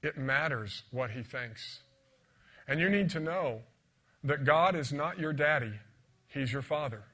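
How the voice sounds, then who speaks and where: Bright-voiced man preaching with dramatic swings. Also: a little high, expressive, a little slow. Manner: dramatic storytelling, dropping to whispers and rising to loud emphasis. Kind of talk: sermon with personal testimony.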